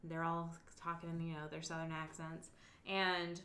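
A young woman from the South co-hosting a casual chat, easygoing and relaxed. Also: deep voice, moderate pace, roomy sound, a little hiss or hum. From Asheville, North Carolina. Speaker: podcast co-host.

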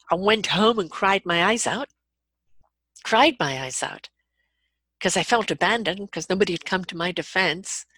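A middle-aged woman telling a personal story and giving calm, earnest life advice. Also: fairly low pitch, dry recording. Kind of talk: motivational talk with personal story.

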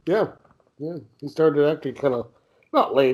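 Guy cohosting a movie podcast, kinda high voice, laughs a lot and does the lines. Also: moderate pace, a little mellow, husky. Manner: laughs often, acts out lines from the film. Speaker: podcast co-host. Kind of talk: casual film discussion.

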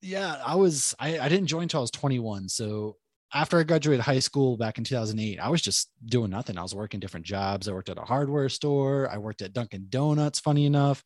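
A man's voice: medium pitch, animated, a little fast, a little mellow, no echo. A man in his thirties with a Boston accent talks through his life story as a podcast guest. He keeps it loose and profane and laughs easily. His voice sits mid-range, recorded dry and close. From Boston area, USA. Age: 30s. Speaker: podcast guest, military service member. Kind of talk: casual podcast chat.

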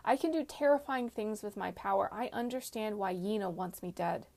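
A woman's voice: medium pitch, fairly even intonation, moderate pace, vocal fry, a little mellow. A woman voicing a young woman with dangerous magic who speaks sharply and with self-loathing, in an audiobook reading. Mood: bitter.

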